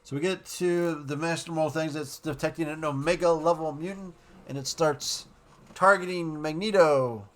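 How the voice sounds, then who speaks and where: A man casually recapping and reviewing a cartoon episode, rambling and excited, dropping quick quotes of the characters. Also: on the high side.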